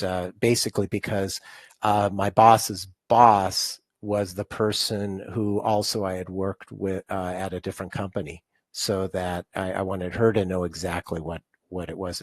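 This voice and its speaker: A man's voice: low voice, no room sound. A man guest in an interview, explaining his ideas on stress in a conversational way, with many restarts and fillers. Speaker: podcast guest, stress-relief author.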